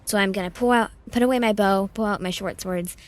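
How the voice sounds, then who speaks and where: A woman playing a tabletop game, talking casually in a halting way with frequent fillers. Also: mid-range voice. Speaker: player.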